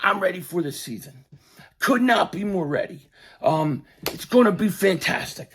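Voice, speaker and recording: A man hosting a fan sports show, ranting excitably and yelling at times, his voice going hoarse. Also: high voice, moderate pace, slight background noise. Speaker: sports podcast host. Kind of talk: fan commentary live stream.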